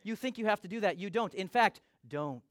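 Middle-aged pastor guy preaching, high voice, dry close sound, chatty and animated. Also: brisk, dry recording. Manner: conversational, animated, acts out quotes. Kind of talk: sermon.

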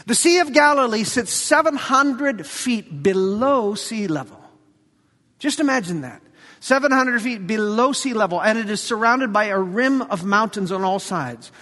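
Male preacher, high bright voice, animated storyteller, long church-hall reverb. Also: unhurried. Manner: animated storytelling, acts out quotes, jokes. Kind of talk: sermon.

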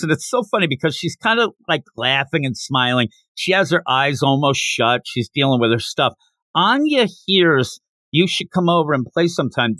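A man's voice: fairly high pitch, no room sound. A man hosting a podcast, casually recapping a manga chapter and jumping into character voices. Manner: animated, jumps into character voices. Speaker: podcast host.

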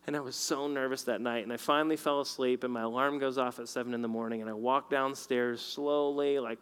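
Male pastor, sermon storytelling, loud then hushed, long hall reverb. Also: mid-range voice, moderate pace, smooth. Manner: animated storyteller, shifts between loud and hushed.

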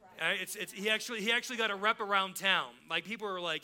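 A man's voice: sits high, expressive, fast talker, few pauses, pushed and bright. A middle-aged man preaching a sermon as pastor in a church, telling stories conversationally and acting out the dialogue. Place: church sanctuary.

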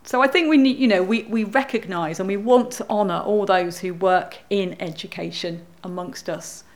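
A woman's voice: medium pitch, normal speed. Chatty woman leading a church service. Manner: informal, chatty address to the congregation. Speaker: worship leader.

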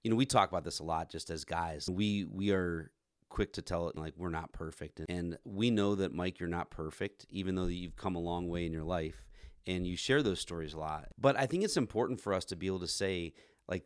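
A podcast host in his forties shares a candid, self-deprecating story about his marriage in conversation. His low voice moves at normal speed, and the clean studio sound has no room sound.

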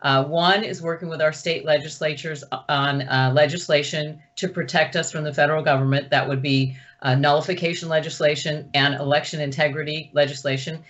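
A woman's voice: steady tone, a little fast, few pauses, fairly bright tone. A woman activist being interviewed over a video call, earnestly laying out her group's plan. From United States. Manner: earnest, pitching an organized plan. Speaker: guest activist. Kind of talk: remote interview. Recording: dull video call audio.

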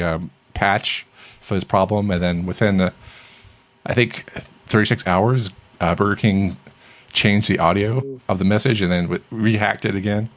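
Deep gravelly-voiced man rambling casually. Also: no echo. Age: middle-aged. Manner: rambling, many fillers and restarts, laughs easily. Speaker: podcast co-host. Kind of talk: casual tech news chat.

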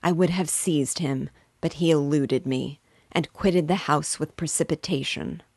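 A woman reads a classic novel aloud at an unhurried pace, with a low, even voice. She sounds close to the mic, and the recording is dry. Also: husky, dry recording. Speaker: host reading a novel aloud.

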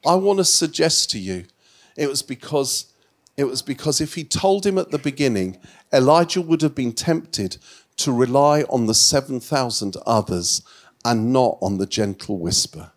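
A man preaching a sermon, telling a Bible story with lively acted-out dialogue and frequent stammered restarts. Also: normal speed. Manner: animated storytelling preacher, acts out Bible dialogue with rising pitch.

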